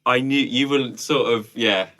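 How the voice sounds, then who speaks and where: A man's voice: mid-range voice, unhurried, a bit bright. A man co-hosting a podcast in casual chat, rambling with restarts and laughing easily. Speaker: podcast co-host.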